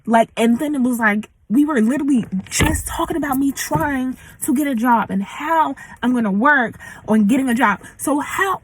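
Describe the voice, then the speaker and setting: A woman's voice: high-pitched, normal speed, few pauses, slight background noise, rough recording. A young woman in her late teens venting in a casual storytime rant, slangy and full of likes. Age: young adult. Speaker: vlogger.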